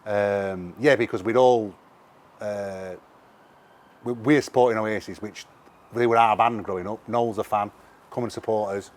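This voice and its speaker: A middle-aged man with a broad Sheffield accent tells stories at speed, loose and sweary. His voice sits fairly low, and he talks like he's chatting with a mate. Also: measured pace, long pauses. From England. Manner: animated, sweary anecdotes. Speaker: musician guest. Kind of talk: casual interview storytelling.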